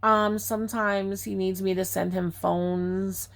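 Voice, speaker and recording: A woman's voice: mid-range voice, level tone, takes it slowly, vocal fry. A woman telling a personal story in a casual, blunt and chatty way, acting out the dialogue with lots of fillers. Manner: frequent fillers like "like" and "um".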